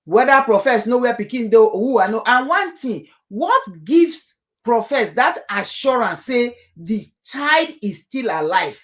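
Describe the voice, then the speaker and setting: A woman's voice: a little high, unhurried. Scolding Nigerian woman commentator. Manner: scolding, animated, many filler uhs. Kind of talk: opinionated monologue in Nigerian Pidgin and English.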